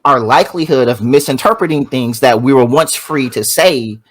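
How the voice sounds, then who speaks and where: A man's voice: mid-range voice, moderate pace, no echo. A man co-hosting a relationship podcast in casual chat, acting out little quotes and often checking in with "you see what I'm saying". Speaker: podcast co-host.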